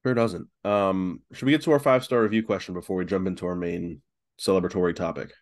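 A man co-hosting a sports podcast in easygoing, halting chat, his voice a little rough from allergies and early morning. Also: low voice, fairly even intonation. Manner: easygoing, hesitant, many fillers. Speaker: podcast co-host.

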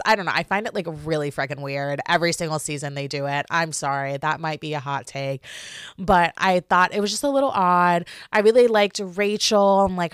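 A woman in her twenties hosting a podcast, talking through a reality show in a chatty, animated way full of fillers. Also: on the low side, clean tone, no room sound, studio quality. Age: 20s. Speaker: podcast host. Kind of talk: casual solo podcast chat.

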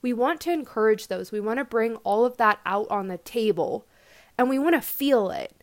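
Young woman, slightly high voice, casual self-help talk, reflective, gentle, conversational. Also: animated, moderate pace. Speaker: podcast host and coach.

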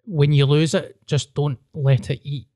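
A man's voice: on the high side, flat delivery, a little slow, warm tone, no echo, clean studio sound. A Scottish man who is a stand-up comedian, chatting on a podcast in a blunt, self-mocking way. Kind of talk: casual podcast chat.

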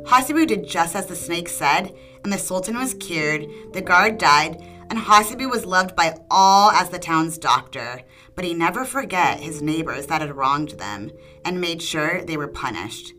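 Bright-voiced woman telling a folktale. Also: lowish voice, expressive, normal speed, rough recording. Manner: reads dialogue with small voice changes. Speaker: storyteller podcast host. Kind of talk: storybook narration. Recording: faint guitar music behind. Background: faint guitar music.

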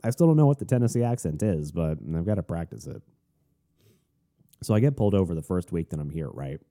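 A young man from Florida rants casually on his podcast, swinging from loud, high bursts down to low mutters. His voice is low-pitched and mellow, and his stories wander through restarts and side comments. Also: fast talker. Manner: animated storytelling with frequent restarts and asides. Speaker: podcast host. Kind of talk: casual ranting monologue.

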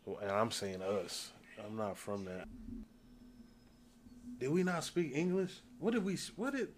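A man's voice: medium pitch, unhurried, slight background noise. A man from the United States in casual, profane chat, firing off rhetorical questions.

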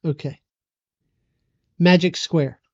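A woman's voice: on the low side, steady tone, slow pace, a little mellow, no echo, highs cut off. A woman co-hosting a casual movie podcast, dryly recapping the plot. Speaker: podcast co-host.

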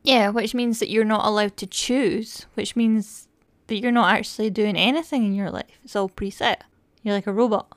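A woman chats through a show review with eager, firm opinions. Her pitch sits in a middle range. The recording is dry and close. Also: steady tone, normal speed, no room sound. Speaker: podcast co-host. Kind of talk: casual review chat.

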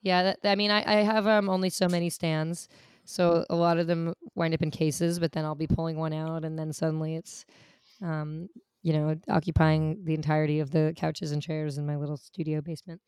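Woman, low smooth voice, relaxed rambling chat, dry close mic. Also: a little fast, no room sound. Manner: relaxed, rambling, lots of fillers and laughs. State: tired voice from long sessions. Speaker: guest guitarist. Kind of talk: casual chat.

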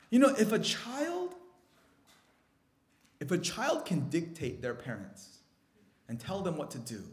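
A male pastor delivers a sermon in a high, light voice. He shifts between quiet, close passages and loud, animated outbursts, and the room around him rings with echo. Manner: swings from hushed, intimate asides to loud, excited bursts.

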